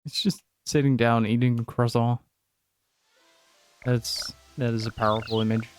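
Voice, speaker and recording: A man's voice: mid-range voice, flat delivery, moderate pace, soft background music. Man chatting casually over gameplay. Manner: offhand, self-deprecating asides. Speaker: streamer.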